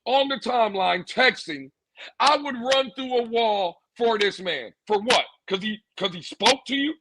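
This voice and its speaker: A man's voice: very high-pitched, lively intonation, unhurried, noisy background. A man ranting sarcastically as a sports podcast co-host, repeating lines for emphasis. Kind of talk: heated sports commentary.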